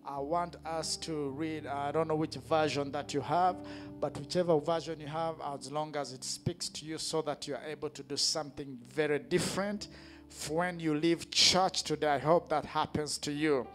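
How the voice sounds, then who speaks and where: A man preaching a sermon in church on a handheld mic, leading call-and-response and rising to shouts. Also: on the high side, steady tone, moderate pace, faint music behind. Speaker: pastor.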